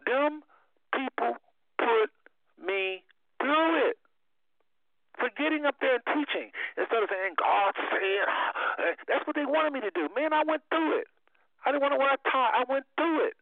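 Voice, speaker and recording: A high-voiced man in his fifties hosts a call-in talk show, his pitch swinging wildly as he preaches his points. He comes through a tinny phone line with no room sound at all. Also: no room sound. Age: 50s. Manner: emphatic, preacherly, swings between low and high. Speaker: radio talk show host.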